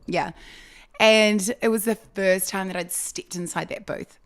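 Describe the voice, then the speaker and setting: A woman voice actor, chatting as a podcast guest and telling animated, laughing stories. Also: mid-range voice, measured pace. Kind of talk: casual chat, storytelling.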